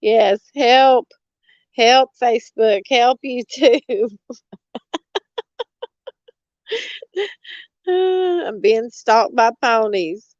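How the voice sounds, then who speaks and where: Lady doing a flustered rambling caller, high and jumpy, keeps stammering, muffled lo-fi sound. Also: very slow, darkish tone, dry recording. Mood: pleading. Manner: rambling, stammering, repeating herself. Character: flustered adult woman making a rambling complaint call to emergency services.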